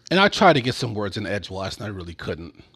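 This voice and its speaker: A man's voice: fairly low pitch, very animated, fast, a bit bright, husky. A man giving casual political commentary in a blunt, sarcastic and profane way.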